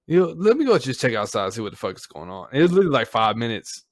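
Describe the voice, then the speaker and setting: Cussing, animated podcast host guy. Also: mid-range voice, racing, dry recording, clean studio sound. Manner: animated storytelling, heavy cursing. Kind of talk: casual chat.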